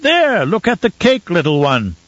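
A man playing a grandfatherly old nobleman whose voice rises high and soft as he gushes over a child. The delivery is cooing and eager. Dry, slightly dull audiobook sound. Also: wildly swooping pitch, measured pace, no echo, exaggerated voice. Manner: gushing, cooing baby talk. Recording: slightly muffled dry recording.

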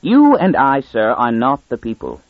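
Elderly unmoved counselor, soft and measured, as a male narrator plays him; husky, dull sound. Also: medium pitch, wildly swooping pitch, dry recording. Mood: calm. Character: very old calm male first minister.

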